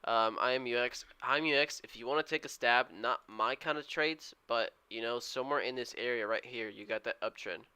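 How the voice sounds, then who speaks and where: A man's voice: mid-range voice, fairly quick, few pauses, bright, forceful tone, clear, resonant tone. A man streaming his day trading live, giving a running play-by-play and urging the price moves on to his viewers. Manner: eager, urges price moves on.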